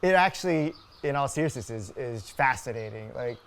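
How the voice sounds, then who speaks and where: A man's voice: mid-range voice, lively intonation, a little fast, fairly bright tone, clean tone. A man hosting a show, asking questions in a casual, thoughtful and slightly hesitant way. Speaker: show host. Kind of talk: casual interview. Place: outdoors on a farm.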